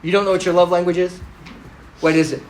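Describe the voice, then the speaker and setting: A man's voice: high-pitched, little pitch movement, fast talker, roomy sound, a little hiss or hum, low-quality recording. A middle-aged man giving a conversational storytelling sermon to a congregation, speaking to the crowd directly and poking fun at himself. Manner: conversational and self-deprecating, addresses the crowd directly. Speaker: pastor.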